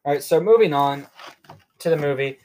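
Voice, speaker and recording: A man's voice: on the high side, moderate pace, a little mellow. A young man hosting a podcast, casually recapping a movie in a rambling, profane way with lots of fillers. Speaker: podcast host.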